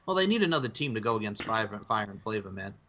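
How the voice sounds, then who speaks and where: A man co-hosting a casual wrestling podcast, animated and slangy, laughing and swearing as he talks. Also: lowish voice, fast. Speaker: podcast co-host. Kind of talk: casual chat.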